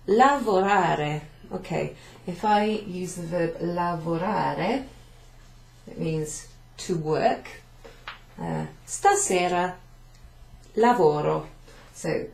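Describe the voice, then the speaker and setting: A British woman with a fairly low, gravelly, slightly mellow voice explains a beginners' language lesson step by step. She stands at a whiteboard in a venue classroom and leans on fillers. The room is echoey.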